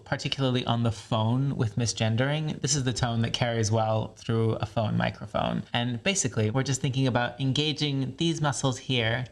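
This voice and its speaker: A man hosting a voice training lesson. He explains each technique in an upbeat way and laughs often. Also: medium pitch. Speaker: voice coach. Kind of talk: instructional video.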